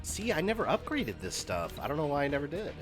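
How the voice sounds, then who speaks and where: A man's voice: fairly high pitch, wildly swooping pitch, quick pace. A man streaming a video game, giving casual, rambling commentary full of fillers. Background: game music.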